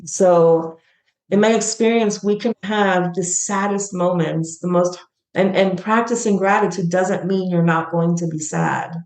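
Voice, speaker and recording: A woman's voice: on the low side, steady tone, a little slow, a little mellow. Middle-aged woman guest, earnest and emotional, recorded in a roomy space. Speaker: guest, founder of a gratitude platform. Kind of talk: heartfelt storytelling in an interview.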